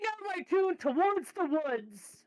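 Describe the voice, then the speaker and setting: A woman's voice: extremely high pitch, big pitch swings, takes it slowly, a little mellow, dry recording, soft background music. A woman playing in a tabletop role-playing game, hesitant at first and playful. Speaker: player. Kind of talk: casual tabletop play.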